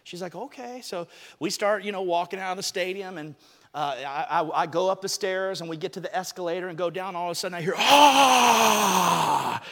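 A man's voice: sits high, fairly even intonation, fast talker, slight background noise. A male pastor preaching a sermon in a church, telling a chatty personal story that builds into emphatic preaching. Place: church sanctuary. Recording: long hall reverb.

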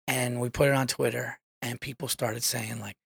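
A man hosting a podcast, telling stories in casual chat, animated and swearing freely as he acts out quotes. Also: mid-range voice, normal speed, gravelly, slightly rough, no echo, studio quality. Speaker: podcast host.

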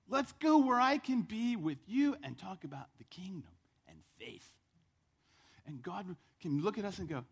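High-voiced fervent male preacher. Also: expressive, unhurried, gravelly, husky. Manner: fervent, exhortative, repeats phrases for emphasis. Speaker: pastor. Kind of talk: sermon. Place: church sanctuary.

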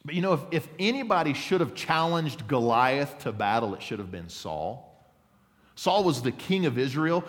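A man, a pastor, preaching a sermon, telling stories and acting out quotes, and asking the congregation for an amen. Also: fairly high pitch. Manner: storytelling with acted quotes, asks for an amen. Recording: long hall reverb.

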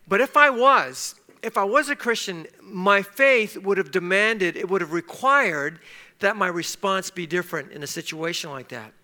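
A man's voice: sits high, pushed and bright. A middle-aged man preaching a sermon, telling a personal story in a conversational way, with fillers and restarts. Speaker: pastor.

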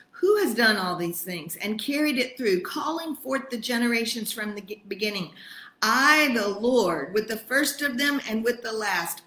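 A woman's voice: on the high side, a bit bright, echoey room, a little hiss or hum, poor audio. Emphatic woman teaching Bible study. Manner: emphatic, encouraging, addresses listeners by name.

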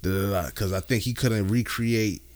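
A man's voice: on the low side, steady tone, moderate pace, darkish tone. A man co-hosting a casual podcast chat, laid-back and full of slang, laughing often. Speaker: podcast co-host.

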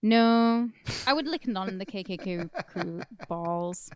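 A woman's voice: medium pitch, measured pace, clean tone, no room sound. A woman co-hosting a podcast, trading bawdy jokes in casual banter and laughing easily. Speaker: podcast co-host.

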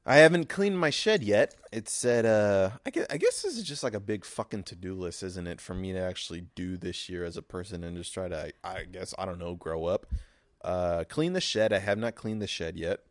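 A young man talks loosely through a casual solo podcast and swears easily. His voice is on the low side, and the recording is dry, with no room sound. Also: expressive, brisk, no echo. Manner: rambling and profane, with frequent restarts. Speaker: podcast host.

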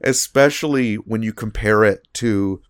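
On a studio-quality, echo-free recording, a low-voiced man co-hosts a casual podcast at normal speed. He rambles, with lots of fillers and restarts.

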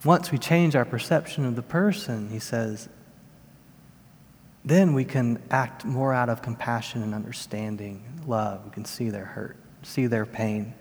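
A man in his thirties delivering a sermon as a pastor, in an earnest, measured storytelling manner. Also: mid-range voice, darkish tone. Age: 30s. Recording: long reverb of a large hall.

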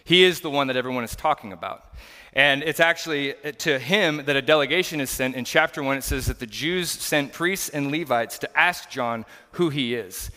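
A man's voice: medium pitch, normal speed, bright, forceful tone. A man preaching a conversational sermon as a pastor, earnest and explanatory as he walks through scripture in a church. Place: church sanctuary. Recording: long church reverb.

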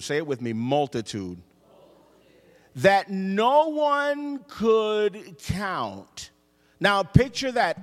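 A man preaching a storytelling sermon to his church, jokey and engaging, calling on the congregation to answer him. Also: sits high. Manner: lively, jokey, audience call-and-response. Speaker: pastor. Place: church sanctuary. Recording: long reverb in a church hall.

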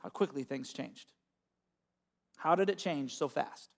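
A man preaching a sermon as pastor, moving between quiet, low reflection and loud, emphatic calls to the congregation. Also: a little slow, vocal fry, pauses often.

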